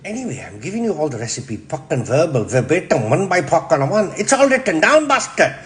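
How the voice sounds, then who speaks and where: A man with a Yorkshire accent gives a comic cooking demonstration. His voice sits high for a man. He is brash and deadpan, with swearing in almost every other line. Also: brisk. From Yorkshire, England. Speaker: cooking show host.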